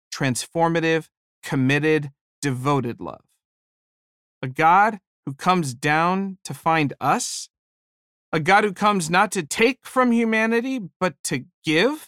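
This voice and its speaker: A man's voice: fairly high pitch, a bit bright, dry recording, clean studio sound. A man preaching a sermon, emphatic, building his points to rising peaks.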